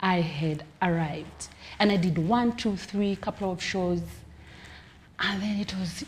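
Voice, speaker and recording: A young Kenyan woman, a comedian, telling stories in a casual interview with a lively, laughing manner. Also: lowish voice, measured pace, slight background noise. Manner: lively storytelling, laughing often. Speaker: comedian guest.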